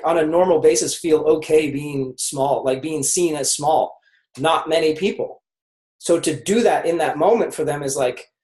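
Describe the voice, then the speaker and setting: A man's voice: fairly high pitch, a little mellow, roomy sound. A man coaching on a team call, talking casually with lots of fillers and acted-out bits of dialogue. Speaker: sales coach.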